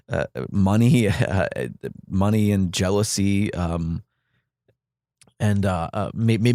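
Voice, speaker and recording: A man talks from the heart as a podcast host, his low voice grieving and unsteady. He stumbles through fillers and restarts as he speaks. The sound is close and dry, with no room around it. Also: a little mellow, no room sound. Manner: halting, many fillers and restarts. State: grieving, voice catching. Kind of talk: heartfelt personal monologue.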